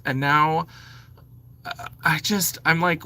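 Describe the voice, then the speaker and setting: Animated, bright-voiced man ranting. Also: a little high, measured pace. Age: 40s. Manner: animated, blunt, sweary, exasperated. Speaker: vlogger. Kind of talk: ranting to camera.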